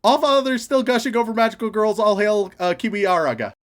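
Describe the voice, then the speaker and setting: A man's voice: high voice, lively intonation, fast. A man co-hosting a podcast in casual comedic chat, teasing his partner as he runs a game segment. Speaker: podcast co-host.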